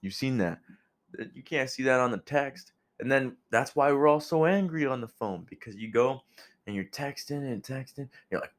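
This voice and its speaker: A young man giving a casual motivational monologue, blunt and profane, animated as he talks. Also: medium pitch, normal speed. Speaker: vlogger.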